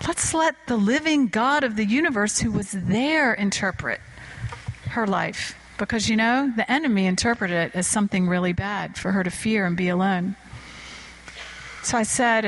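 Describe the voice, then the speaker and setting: A woman preacher telling a story in a sermon, her voice climbing high to stress key words. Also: a bit bright, rough recording.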